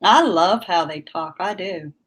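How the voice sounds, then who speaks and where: A woman hosts a casual live stream, greeting viewers and chatting with them. She talks slowly and draws her words out. She laughs often between remarks. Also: lowish voice. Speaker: livestream host chatting with viewers.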